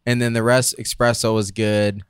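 A man's voice: fairly low pitch, level tone, normal speed, clear, resonant tone, no echo. Teasing young man firing off questions, dry sound. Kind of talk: casual chat.

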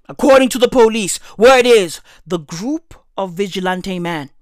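A woman delivering a loud, profane comedic rant that keeps breaking into shouts. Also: medium pitch, no room sound, studio quality. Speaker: vlogger.

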